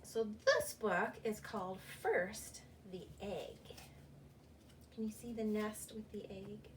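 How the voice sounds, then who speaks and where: A woman's voice: mid-range voice, slow pace, distant mic, a little hiss or hum. A young woman, a children's librarian, leading a cheerful virtual story time with sing-song questions for kids.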